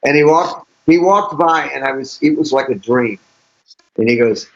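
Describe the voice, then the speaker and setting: An older man, a musician guest, telling animated stories in an interview with frequent laughter. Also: fairly high pitch, normal speed. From St. Louis, USA. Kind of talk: storytelling interview. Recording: dull lo-fi audio.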